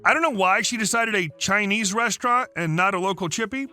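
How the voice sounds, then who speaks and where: A man narrating a story aloud in a lively, chatty way. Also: high voice, fairly quick, soft background music.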